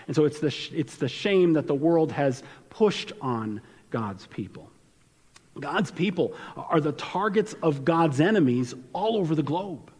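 A man's voice: fairly high pitch, animated, a little slow, darkish tone, slightly rough, in a large hall. A man preaching a sermon as pastor, earnest and emphatic, often restarting his words.

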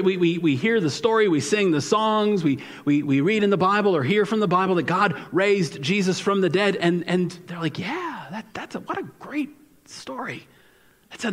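A man preaching a sermon as pastor in a casual, conversational way, often repeating words and asking "right?". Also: sits high. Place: church sanctuary. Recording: long hall reverb.

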